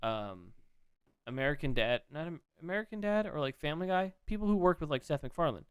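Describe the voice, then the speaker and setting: A man chatting casually on a podcast, rambling excitedly and swearing freely as he retells what he watched. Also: a little high, brisk, clear, resonant tone, no echo. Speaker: podcast co-host. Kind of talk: casual chat.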